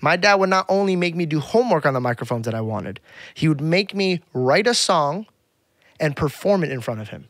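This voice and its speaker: A young man, a podcast guest, telling lively stories from his childhood in casual chat, swearing often and calling people "bro". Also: on the high side, fairly quick, no room sound, studio quality. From grew up in Arizona. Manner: animated, swears a lot, says "bro".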